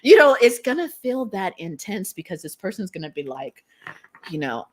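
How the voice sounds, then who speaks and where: A woman with a medium-pitched voice that swings widely talks at a normal speed over a streaming setup. She's a tarot reader doing a casual collective reading, rambling along, laughing often and trailing off as she hunts for words.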